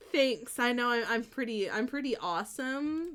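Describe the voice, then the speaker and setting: A bubbly young woman streamer, chatting with her chat in a light, somewhat high voice. She giggles often between her remarks and reads viewer messages aloud in a casual, friendly way. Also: animated, slow pace, long pauses, a bit bright. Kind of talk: casual chat while playing a game.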